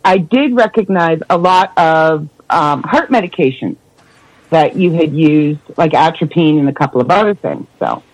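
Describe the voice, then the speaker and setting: Casual Canadian woman co-host, giggly, animated delivery, interviewing a guest. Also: on the low side, no room sound, poor audio. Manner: giggly, playful, lively. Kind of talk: casual podcast chat.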